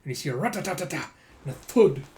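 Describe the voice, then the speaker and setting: A man casually retelling a comic book story, acting out the characters' lines in bursts of louder, higher voices. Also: normal speed, a little hiss or hum. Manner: animated, jumps into loud high voices for characters. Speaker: manga reader and commentator. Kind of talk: casual comic read-through with acted-out dialogue.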